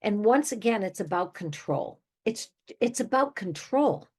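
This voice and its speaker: A woman's voice: medium pitch, very animated, measured pace, darkish tone, breathy edge. An older woman, a therapist hosting her own show, giving emphatic, conversational advice straight to listeners with little laughs between points. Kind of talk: direct-to-listener advice monologue.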